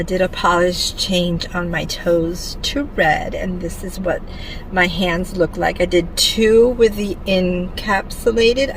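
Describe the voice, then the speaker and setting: A woman's voice: medium pitch, a little hiss or hum, low-quality recording. A woman chatting casually to her vlog audience while driving, rambling along with lots of fillers. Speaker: mom vlogger. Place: inside a car while driving.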